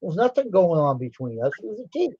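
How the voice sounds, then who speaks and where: Male livestream host, slightly high voice, rambling storyteller, dry lo-fi sound. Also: sing-song, quick pace, husky, no room sound. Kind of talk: casual storytelling.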